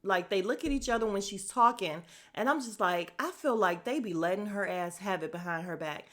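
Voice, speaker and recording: Woman podcast host, chatty recap, swears freely, laughs a lot, mid-pitched voice, close podcast mic. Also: brisk. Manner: animated, profane, laughs often, mimics people. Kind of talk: casual reality TV recap. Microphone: podcast microphone.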